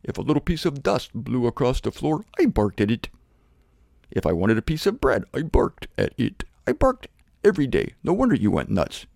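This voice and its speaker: Brief: man doing a talking dog, apologetic and humble, slightly lower voice, dry close sound. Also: wildly swooping pitch, moderate pace, vocal fry, darkish tone, no echo, heavily acted. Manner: sheepish, confessing. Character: forgiving pet dog, talking plainly.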